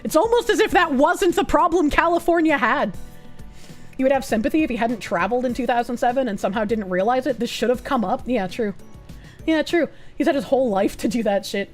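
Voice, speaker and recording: A woman streamer chatting casually and reacting to chat, blunt, sarcastic and heavy on swearing. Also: a little high. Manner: blunt, profane and sarcastic, with frequent laughs.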